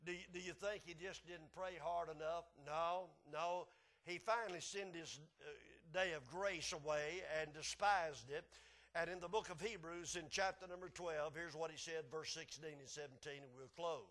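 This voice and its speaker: A man preaching a sermon, his voice climbing loud when he reads scripture and dropping low when he explains it. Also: steady tone, normal speed. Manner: rises loud and high reading scripture, drops low to explain.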